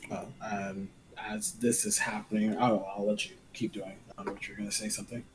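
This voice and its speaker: A man's voice: on the low side, flat delivery, moderate pace, a little hiss or hum, low-quality recording. A man playing in a tabletop role-playing game, hesitantly explaining what his character does. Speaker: player. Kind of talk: casual chat at a tabletop game.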